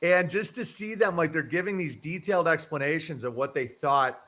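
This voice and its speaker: Chatty streamer guy, kinda high voice, rambles and swears offhand. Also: moderate pace, sharp tone. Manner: rambling, chuckling, swears casually. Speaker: livestream host. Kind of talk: casual chat.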